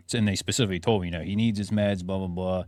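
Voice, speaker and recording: A man co-hosting a podcast, telling animated anecdotes in casual chat and swearing casually. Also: deep voice, racing, no echo. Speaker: podcast co-host.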